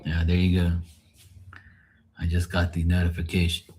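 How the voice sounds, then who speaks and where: A man's voice: sits low, monotone, normal speed, a little mellow, slightly rough. A man chatting casually to his livestream viewers, rambling and swearing freely in a joking way. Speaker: livestream host.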